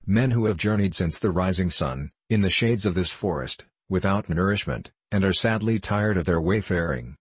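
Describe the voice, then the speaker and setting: Weary traveler, formal and pious, as a man reads him; low, dry. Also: lively intonation, normal speed, few pauses, husky, dry recording. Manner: formal stately speech. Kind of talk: audiobook character reading.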